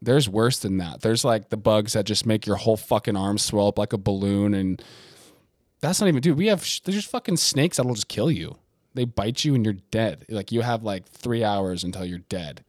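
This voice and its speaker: A man's voice: on the low side, normal speed, a little mellow, no room sound, studio quality. A man co-hosting a podcast in casual banter, loose and profane, rambling from one tangent to the next. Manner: loose and profane, slipping into mock voices for punchlines. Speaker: podcast co-host.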